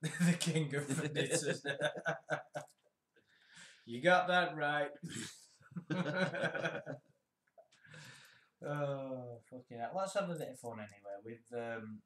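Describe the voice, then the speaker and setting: A man co-hosting a casual chat show, laughing often, animated and sweary. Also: on the high side, slow, long pauses. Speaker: podcast co-host. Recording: roomy echo.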